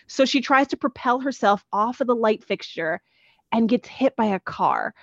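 Animated woman retelling a story. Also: on the high side, normal speed, vocal fry, dry recording, lo-fi sound. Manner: animated, acts out characters' lines. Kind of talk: casual retelling of a comic book.

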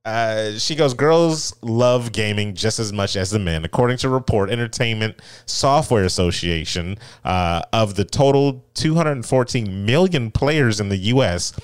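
A man with a lowish, smooth and resonant voice talks in a laid-back, rambling way as a podcast co-host. The sound is close and dry, with no room around it. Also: lively intonation, moderate pace, hardly any pauses, no echo. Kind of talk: casual chat.

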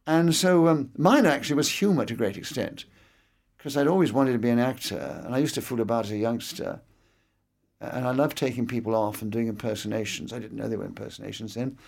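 Older man, English accent, gravelly, mid-range pitch, expansive interview storytelling. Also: a little mellow. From England. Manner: expansive, anecdotal, fond of digressions. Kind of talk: reminiscing interview talk.

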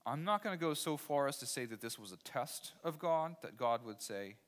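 A man's voice: medium pitch, expressive, moderate pace. Emphatic male pastor preaching. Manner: emphatic, repeats key phrases; asks the listeners rhetorical questions. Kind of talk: sermon.

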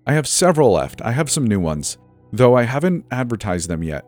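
A man's voice: sing-song, fairly quick, darkish tone, soft background music, lightly acted. A man voicing a creepy sing-song teen boy. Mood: menacing. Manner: sing-song, mocking, low murmur. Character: creepy grinning teenage boy selling superpowers.

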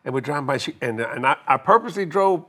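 An older man casually telling a long story, animated and laughing as he acts out both sides of a conversation. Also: on the high side, rapid-fire, breathy edge. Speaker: guest telling a marriage story.

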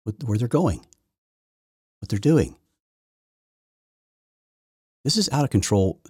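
A man's voice: mid-range voice, big pitch swings, slow, darkish tone, breathy edge, no room sound, clean studio sound. A man hosting a solo political commentary podcast, rambling and combative, often correcting himself mid-sentence. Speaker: podcast host.

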